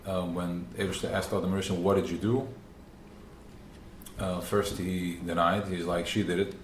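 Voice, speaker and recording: A deep-voiced teacher leads a live religious class for a small group, speaking in a level tone at a moderate pace, earnest and repetitive, often acting out inner voices. The roomy recording carries a faint hiss or hum.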